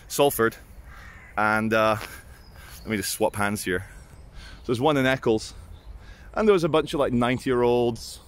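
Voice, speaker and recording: A British man vlogging casual anecdotes in a rambling, crude and self-mocking way. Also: medium pitch.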